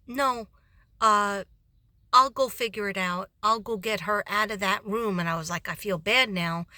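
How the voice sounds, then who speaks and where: A chatty, tired woman rambling through a story about her workday. Her voice is bright and a little forceful, recorded close and dry with no room sound. She laughs often and slips into higher voices when quoting people. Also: no room sound. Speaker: substitute teacher vlogger. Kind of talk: casual storytelling vlog.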